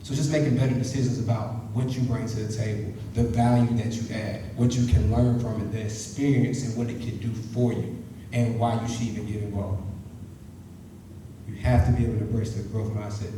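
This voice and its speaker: A man's voice: fairly low pitch, brisk, background noise. A man giving a motivational talk to students and leading them in a chant. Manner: energetic, calls the audience to chant along. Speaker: motivational speaker. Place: university hall. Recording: echoey hall, voice from far off.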